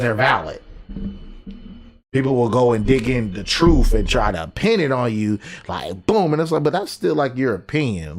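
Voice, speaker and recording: A man co-hosting a podcast in casual chat, animated and acting out little exchanges as he talks. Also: medium pitch. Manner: animated, acts out quoted texts and arguments. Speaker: podcast co-host. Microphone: desk USB microphone.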